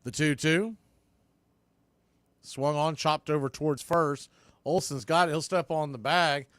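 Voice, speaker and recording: A man's voice: a little high, fairly even intonation, measured pace, a bit bright, no echo. Man calling baseball play-by-play, dry sound. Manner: chatty, repeats words when explaining. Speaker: play-by-play announcer. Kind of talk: casual live play-by-play commentary.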